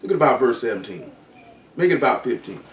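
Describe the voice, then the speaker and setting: Echoey, distant preacher, raised voice. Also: male voice, mid-range voice, big pitch swings, fast talker, slight background noise. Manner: reads scripture aloud, then explains it in loose colloquial speech. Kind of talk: sermon.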